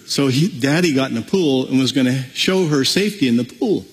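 Husky-voiced man preaching in an echoing hall. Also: medium pitch, fairly quick. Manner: animated storytelling, acts out voices. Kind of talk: sermon.

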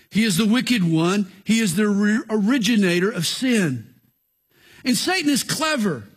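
A middle-aged man, preaching a radio sermon as pastor, earnest with dramatic swings in pitch and loudness. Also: breathy edge.

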